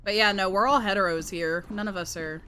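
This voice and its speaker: A woman streaming a game, joking crudely and loudly with friends in casual chat. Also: mid-range voice, fairly quick, noisy background. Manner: crude, loud joking with frequent laughter.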